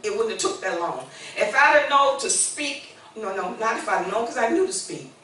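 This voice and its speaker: A woman's voice: on the high side, lively intonation, normal speed, bright, forceful tone, a little hiss or hum. Woman preacher in her sixties, echoey church. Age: 60s. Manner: conversational preaching, rising to emphatic declarations. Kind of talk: sermon with call-and-response. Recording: echoey church room, mic far off.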